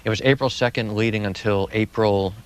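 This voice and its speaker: A man's voice: lowish voice, steady tone, brisk, clean tone. A man answering interview questions as a guest historian, telling history with vivid, dramatic repetition.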